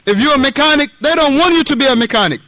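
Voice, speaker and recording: Racing along in a very high-pitched, expressive voice that sounds pushed and bright, a West African man lectures on a classical text in a mosque lesson, captured in a dry recording. The Islamic teacher is emphatic, repeats key phrases, mixes Arabic with street slang, and acts out quoted exchanges.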